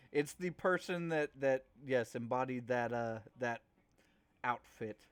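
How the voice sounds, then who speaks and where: A man narrating a tabletop game as game master in a halting way, with many fillers and restarts. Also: medium pitch, smooth.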